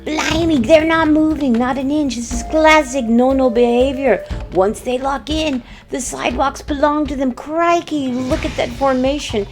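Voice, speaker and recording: A woman putting on an Australian accent as an excitable male wildlife presenter, narrating in a hushed, breathless stalking manner outdoors. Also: high voice, normal speed, few pauses, faint music behind, voice pushed up, lightly acted. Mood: thrilled. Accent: put-on Australian.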